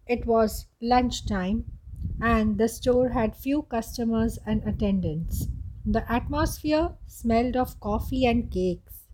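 A woman narrating a children's moral story, reading aloud slowly and carefully. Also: fairly high pitch, dark tone, rough recording.

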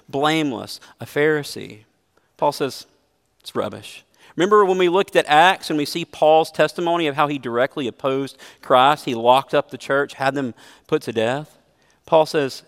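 A man's voice: fairly high pitch, moderate pace, smooth. Earnest male preacher in a reverberant hall. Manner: earnest, emphatic preaching with storytelling. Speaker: pastor. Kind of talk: sermon.

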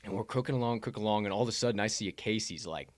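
A young man from Illinois, telling stories in casual chat, swearing heavily and bursting out loudly when excited. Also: lowish voice, rapid-fire, no room sound, clean studio sound. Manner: animated storyteller, heavy swearing, loud bursts when excited.

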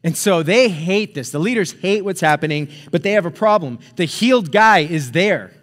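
Preaching a sermon, a pastor retells a story in a relaxed, chatty way, chuckling often, adding asides, and asking "right?" along the way. His voice sits high and sounds animated and fairly bright, moving at a moderate pace, with a hall's long reverb around it.

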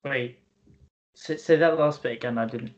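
A man's voice: mid-range voice, normal speed. A young man co-hosting a casual podcast, teasing and bluntly correcting facts. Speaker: podcast co-host. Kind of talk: casual chat. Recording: slightly dull lo-fi sound.

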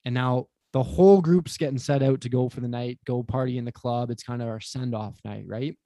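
On a podcast, a young male guest with a medium-pitched voice talks fairly quickly, recounting a crude personal story in casual conversation. He's animated, swears often, and acts out what people said; the recording is dry.

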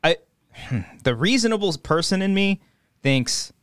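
A man's voice: high-pitched, lively intonation, unhurried, a bit bright, clean tone, no echo, studio quality. A man co-hosting a podcast, telling a story in a rambling, profane way and acting out the voices of the people in it. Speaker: podcast co-host. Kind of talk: casual chat, storytelling.

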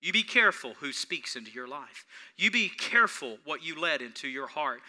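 A man preaching a sermon as pastor, swinging between hushed storytelling and loud, emphatic lines. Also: a little high, expressive, moderate pace, few pauses.

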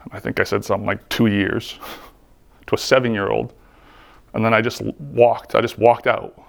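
A man's voice: fairly low pitch, level tone, moderate pace, gravelly. A man sharing his personal faith testimony in an earnest, heartfelt way, often filling his talk with "like". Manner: earnest, heartfelt, frequent "like" fillers. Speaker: speaker giving a personal testimony.

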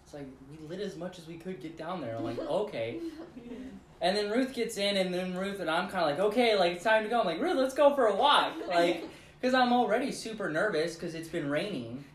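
A man's voice: high-pitched, fairly quick, a little hiss or hum. Chatty man narrating an anecdote; rambling, laughs through it, echoey room. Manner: rambling, animated retelling with laughs. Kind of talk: casual storytelling chat.

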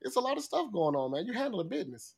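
A man's voice: high voice, big pitch swings, quick pace, gravelly, a crowd in the background. A man co-hosting a podcast, joking and teasing in casual chat. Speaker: podcast co-host.

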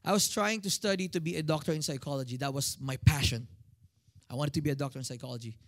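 A man's voice: on the high side, quick pace. A man in his thirties with a Filipino accent, preaching a sermon and calling out to his congregation. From Philippines. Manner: animated, calls out to the congregation. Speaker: pastor.

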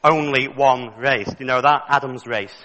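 A man's voice: medium pitch, steady tone, moderate pace, sharp tone, in a large hall, poor audio. A man preaching a sermon with fervent, rising emphasis and pointed questions to the congregation.

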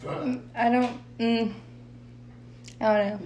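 A woman's voice: a little high, steady tone, takes it slowly, darkish tone. A woman in her thirties co-hosting a casual podcast chat, swearing freely and laughing through her stories. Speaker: podcast co-host.

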